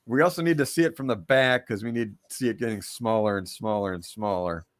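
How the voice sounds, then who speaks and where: A man, a guest cartoonist, chatting casually on a live stream and pitching a comic idea with wry teasing. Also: a little fast.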